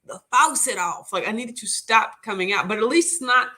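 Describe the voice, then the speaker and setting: A woman's voice: a little high, lively intonation, brisk, bright, forceful tone. A woman co-hosting a morning livestream with a scratchy, congested throat, chatting casually and reading viewer comments aloud. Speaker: livestream co-host. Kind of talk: casual live-stream chat.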